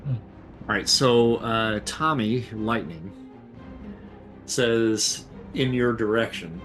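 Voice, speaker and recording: A man narrating a tabletop game as game master, relaxed and full of fillers, over background music. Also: on the low side, extremely slow.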